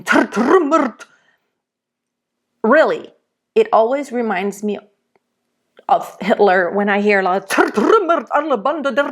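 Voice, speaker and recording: A woman from Germany with a German accent, a singing teacher giving a diction lesson and modeling each sound aloud. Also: medium pitch. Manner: explains slowly, models pronunciation aloud.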